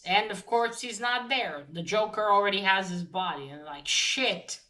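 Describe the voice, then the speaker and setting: A woman's voice: mid-range voice, lively intonation, moderate pace, sharp tone, poor audio. A woman casually recapping a comic book story, swearing freely and retelling each scene with lots of fillers.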